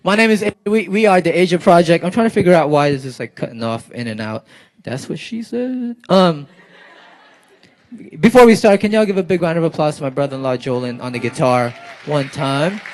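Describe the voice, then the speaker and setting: A man's voice: a little high, a little fast. A young man from South Florida, a spoken word poet talking animatedly to a live crowd with lots of "like" fillers, then performing a poem.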